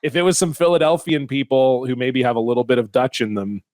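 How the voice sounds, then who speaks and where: A man hosting a comedy podcast, telling stories in a lively, exasperated way and swearing freely. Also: medium pitch, quick pace, no echo, clean studio sound. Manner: animated, exasperated storytelling with frequent swearing. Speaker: podcast host. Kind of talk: casual comedic podcast chat.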